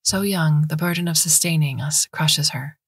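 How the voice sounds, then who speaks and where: A woman's voice: low voice, normal speed, slightly rough, no echo, clean studio sound. A woman voicing a tiny oracle creature that lives in a vase, speaking in a faint, metallic, earnest whisper. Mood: grave.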